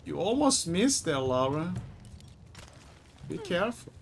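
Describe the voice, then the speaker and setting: A young man streaming a game, excitable and cursing when frustrated. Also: a little high, a little slow, vocal fry. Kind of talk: gameplay commentary.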